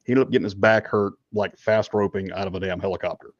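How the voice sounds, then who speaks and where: A man's voice: deep voice, fairly even intonation, fast talker, no echo, dull audio. A man co-hosting a podcast, telling a long story in a casual, joking way with lots of ums. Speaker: podcast co-host.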